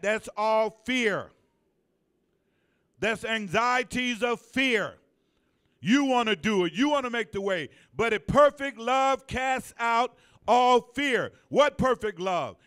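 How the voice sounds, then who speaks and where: A male pastor with a high, slightly bright, clean-toned voice preaches a sermon in a church sanctuary. He calls on the congregation to answer back and draws out key phrases for emphasis.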